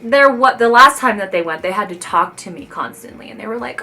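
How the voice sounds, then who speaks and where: A woman's voice: medium pitch, expressive, brisk, pushed and bright, slight background noise. A woman in her thirties chatting to viewers while doing her makeup at home, gushing and confiding. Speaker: beauty vlogger. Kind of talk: chatty get-ready-with-me talk.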